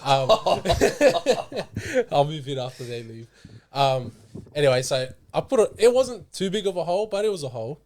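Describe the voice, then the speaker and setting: A young man in casual chat, playful and quick to react and joke. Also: fairly high pitch, big pitch swings, darkish tone. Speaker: podcast co-host.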